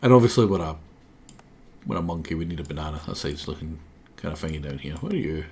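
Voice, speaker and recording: A man with a sore throat chats through a game stream, rambling and self-mocking and tripping over his words. His pitch rises and falls in a lively way as he talks. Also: quick pace. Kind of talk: casual game commentary.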